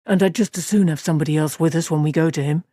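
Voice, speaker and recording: A cautious young apprentice, slow-spoken and doubtful, in a fairly low, dry voice. A woman reads him in an audiobook, near her own voice. He weighs each word before speaking. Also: mellow, no room sound.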